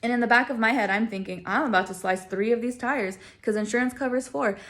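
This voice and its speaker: A woman telling her own story in a casual vlog. She talks in a sassy, animated way and laughs often. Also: on the high side, quick pace.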